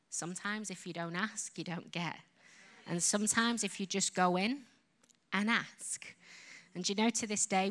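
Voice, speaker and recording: A woman with a broad Yorkshire accent delivers a sermon in a passionate, storytelling way. She speaks at a medium pitch and acts out her own prayers as she goes. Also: pushed and bright. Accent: Yorkshire English. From Yorkshire, England. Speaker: ministry founder and preacher.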